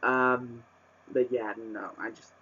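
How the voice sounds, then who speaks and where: A man's voice: mid-range voice, fairly even intonation, slow pace, sharp tone, breathy edge. A man reviewing a book in a casual vlog, rambling with lots of fillers and restarts, and bursting into exasperated rants. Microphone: webcam microphone. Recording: muffled webcam audio.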